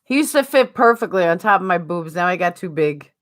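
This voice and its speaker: A woman's voice: lowish voice, lively intonation, brisk. A woman with a New York accent chatting casually on a live stream, answering viewers by name.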